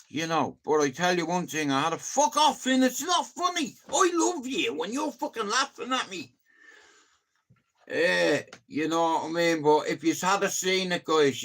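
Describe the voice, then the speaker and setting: A Dublin Irish man chatting casually on a live stream, telling animated stories and swearing freely. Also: high-pitched.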